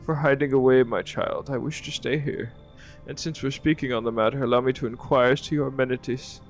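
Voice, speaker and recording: A prim, self-satisfied nun from a horror game, as a low-voiced man puts her on, talking down with preachy formality. The voice rises well above his own and keeps a gravelly edge. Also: steady tone, fairly quick, faint music behind, natural voice. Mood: haughty. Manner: formal, preachy, mildly condescending. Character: smug pious nun, prim and demanding.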